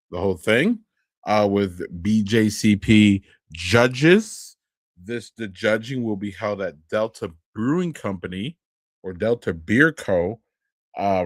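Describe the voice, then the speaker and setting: Animated folksy man hosting a live stream. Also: medium pitch, no echo, studio quality. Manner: animated, folksy, says y'all. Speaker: podcast host. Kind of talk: casual live-stream chat.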